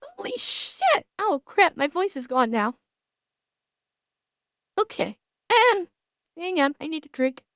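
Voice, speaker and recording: A woman's voice: sits high, big pitch swings, takes it slowly, pauses often, a bit bright, dry recording. A woman streamer reacting to videos in casual commentary, emotional and exclaiming, close to tears and swearing.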